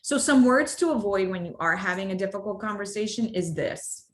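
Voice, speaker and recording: A woman giving a live workshop to an audience in a room, talking in an animated, conversational way and addressing the audience directly. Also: medium pitch, brisk. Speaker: workshop speaker. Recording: roomy echo.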